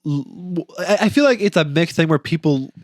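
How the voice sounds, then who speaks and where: Young male co-host with a slightly high voice and a rambling, stammering delivery, recorded dry. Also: expressive, fairly quick, darkish tone, no room sound. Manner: rambling, stammering with many restarts. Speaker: podcast co-host. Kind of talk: casual chat.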